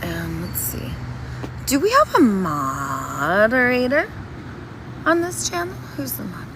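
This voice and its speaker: High, lively woman streaming outdoors. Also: takes it slowly. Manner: playful, doting and sing-song. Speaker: livestreamer reading chat. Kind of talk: casual livestream chat. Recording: noisy outdoor street recording. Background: traffic noise.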